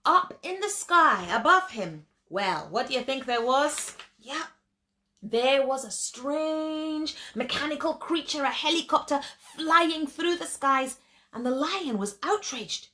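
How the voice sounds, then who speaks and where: A woman tells a children's story with lively, expressive narration and asks her listeners questions along the way. Her voice sits high and sounds bright and crisp. She keeps the telling animated from line to line. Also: slow.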